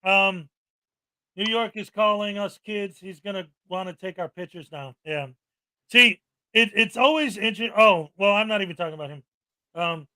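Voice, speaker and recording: A man co-hosting a live stream in casual chat, joking and mocking, quick to laugh. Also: high-pitched, bright, forceful tone.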